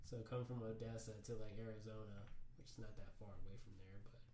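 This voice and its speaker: A man's voice: fairly low pitch, fairly even intonation, a little fast, dark tone, echoey room, slight background noise. A young man with a Texan accent, chatting casually as a podcast co-host and rambling with lots of "like". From Texas. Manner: rambling, leans heavily on "like", swears casually. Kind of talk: casual chat.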